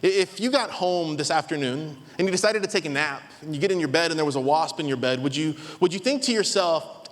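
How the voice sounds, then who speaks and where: A man's voice: fairly high pitch, brisk, few pauses. A man in his thirties preaching a sermon as a pastor, telling a story and acting out the voices in it. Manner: animated, acts out voices in his stories. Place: large church hall. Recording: long hall reverb.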